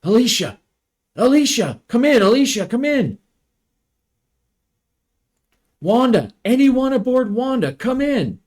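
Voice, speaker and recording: A man's voice: medium pitch, a little slow, natural voice. A man voicing a desperate crewman who calls urgently over a radio. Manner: urgent, shouting.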